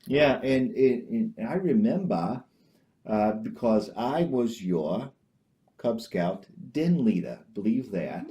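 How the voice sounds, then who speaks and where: A man hosting a homemade comedy talk show, rambling and deadpan, constantly hesitating with uh and um. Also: fairly low pitch, takes it slowly. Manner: hesitant, full of uh and um, restarts. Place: small home studio with green screen.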